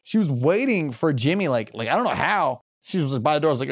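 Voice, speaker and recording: A man's voice: fairly high pitch, big pitch swings, fast talker. A young man co-hosting a podcast, telling crude stories with a wry, jokey manner. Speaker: podcast co-host and comedian. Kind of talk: casual chat, storytelling.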